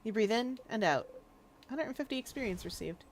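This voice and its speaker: A woman streamer reading game narration aloud in a calm, quiet manner. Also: a little high, a little fast. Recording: faint game music underneath.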